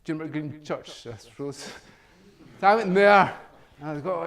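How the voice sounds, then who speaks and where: A man's voice: fairly high pitch, normal speed, creaky, a bit bright. A middle-aged man, a professor, giving a humorous meetup talk, chuckling often and acting out both sides of a conversation. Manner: jokey storytelling, chuckles often, acts out dialogue. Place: meetup venue room.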